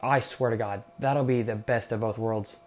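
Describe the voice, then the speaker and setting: A man's voice: fairly low pitch, steady tone, moderate pace, darkish tone, slight background noise. A young man hosting a solo podcast, rambling and swearing, with "okay?" tagged on after his points. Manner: rambling, profane, repeats "okay?". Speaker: podcast host. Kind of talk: casual solo podcast rant.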